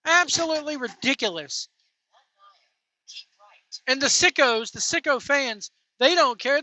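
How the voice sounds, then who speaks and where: A woman with a high, bright voice rants about wrestling from behind the wheel. She is profane and mocking, with a sarcastic edge. The sound is close and dry. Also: expressive, measured pace, long pauses, no echo. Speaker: wrestling commentary vlogger. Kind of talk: ranting reaction commentary while driving. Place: in a vehicle.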